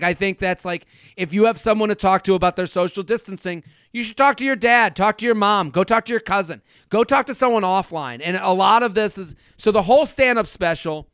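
A man's voice: sits high, a bit bright, clean tone, dry recording, clean studio sound. A man who is a comedian guest, telling casual stories in a rambling, self-interrupting way and laughing often. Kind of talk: casual storytelling.

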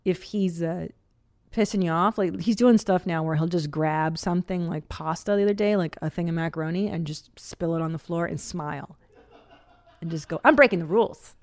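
A middle-aged woman hosting a podcast, chatting casually and telling animated stories, acting out quotes and laughing often. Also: lowish voice, normal speed. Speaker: podcast host. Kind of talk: casual chat.

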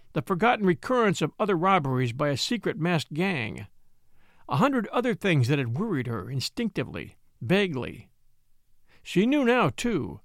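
Male narrator for an old-west story, high voice with lively lilt, dry close recording. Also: no echo. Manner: expressive storytelling. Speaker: audiobook narrator.

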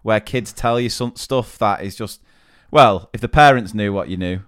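A man's voice: fairly low pitch, moderate pace, clear, resonant tone, no room sound, clean studio sound. A man, a podcast co-host reading out listener stories in casual chat and giggling.

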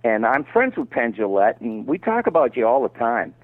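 A man's voice: mid-range voice, moderate pace, no echo, phone-quality sound. A man from Detroit, a voice actor guest telling jokey stories in a casual podcast chat. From Detroit, Michigan. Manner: animated, storytelling, jokey.

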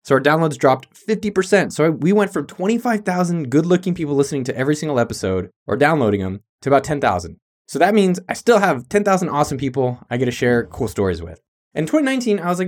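Hyped fast-talking man hosting a podcast. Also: fairly high pitch, big pitch swings. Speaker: podcast host. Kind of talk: casual podcast monologue.

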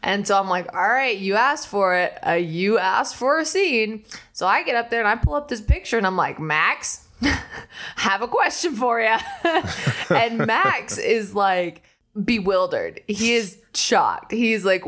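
Woman podcast host, casual chat, animated storytelling, laughs a lot, acts out quotes. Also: mid-range voice, unhurried.

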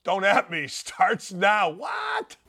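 A man's voice: high-pitched, expressive, moderate pace, background noise. A man hosting a sports talk show, joking and opinionated with conversational asides. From United States. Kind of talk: casual sports commentary.

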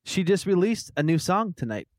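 A man's voice: sits high, big pitch swings, moderate pace, no room sound. Playful man podcast co-host, dry sound. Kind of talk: casual chat.

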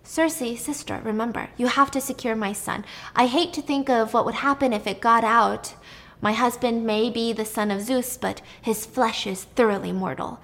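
Woman doing a shrill, taunting queen. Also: animated, moderate pace, exaggerated voice. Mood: condescending. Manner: taunting, loud, high-pitched. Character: scheming, mocking queen, cruel and gleeful.

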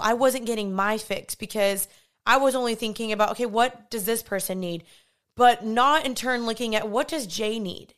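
A woman's voice: mid-range voice, smooth. A young woman hosting a podcast, telling a personal story in a candid, chatty way and acting out what people said. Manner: candid, chatty, animated storytelling with acted-out quotes. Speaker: podcast host. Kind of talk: personal faith-based podcast monologue.

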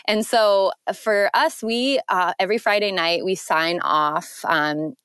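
A woman guest in a casual interview, talking earnestly with lots of filler words and lively rises in pitch. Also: takes it slowly, clear, resonant tone, no room sound, studio quality. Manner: earnest, animated, frequent "like" fillers. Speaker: podcast guest.

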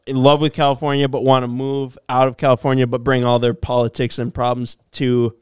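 A man's voice: medium pitch, little pitch movement, fairly quick, smooth, no echo, clean studio sound. A man co-hosting a podcast, telling a travel story in casual chat and acting out the people in it. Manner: storytelling, acts out quoted people. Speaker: podcast co-host.

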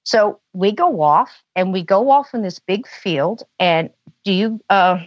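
A podcast guest tells a long story in a chatty, casual way, saying "you know" often. She has a medium-pitched, animated voice, speaks a little slowly, and is heard without echo in a dull, dry lo-fi recording.

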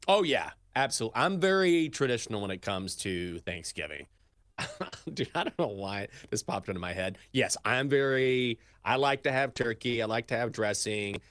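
A man co-hosting a sports talk show, chatting casually and telling animated stories. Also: normal speed, no echo, clean studio sound. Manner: animated storyteller, shifts pitch and pace often. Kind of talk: casual sports radio chat.

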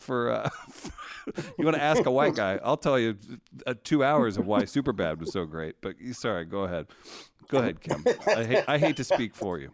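A man hosting a casual live-stream chat, reading viewer comments aloud. His voice sits at an average pitch but swings widely and playfully, and he laughs often between jokes. The sound is dry and close, with little room echo. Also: normal speed. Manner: animated, laughs often, joking.

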